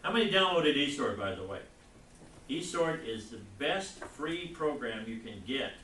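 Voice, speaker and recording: Guy teaching a bible class, bright voice, kinda rambly, stops and restarts a lot, faint hiss behind. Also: fairly high pitch, very animated. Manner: rambling, halting, explains by asking the class. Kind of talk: classroom lecture with student questions. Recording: echoey classroom recorded from far off.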